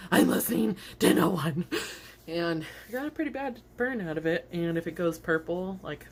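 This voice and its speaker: A woman's voice: fairly low pitch, a little hiss or hum. A young woman telling rambling, giggly stories straight to her camera in a casual vlog, with many "like"s. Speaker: vlogger. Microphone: camera facing her, seen on video.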